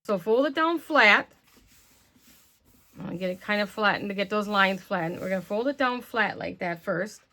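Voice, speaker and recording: A woman with a gravelly, slightly worn voice walks through a paper craft step by step, talking casually as she works. She murmurs and trails off now and then while her hands are busy, at a middling pitch. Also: fast talker, few pauses, pushed and bright. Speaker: craft tutorial host.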